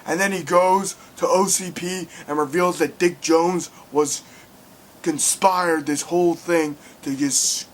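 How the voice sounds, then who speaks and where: A young man giving a casual film review, excitable and swearing, acting out scenes loudly. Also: on the high side, slow pace.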